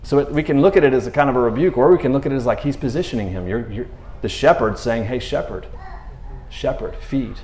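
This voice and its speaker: A man talking casually about scripture in a laid-back, slangy way, retelling stories with lively asides. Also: medium pitch, very fast, slight background noise. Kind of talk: casual faith talk. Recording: roomy echo.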